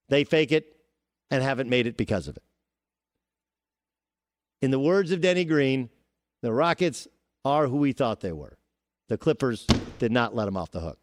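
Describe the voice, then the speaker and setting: A man hosting a sports talk show, arguing his points forcefully with everyday analogies. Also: medium pitch, no echo, studio quality. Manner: emphatic, argues with everyday analogies. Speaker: fill-in sports talk host.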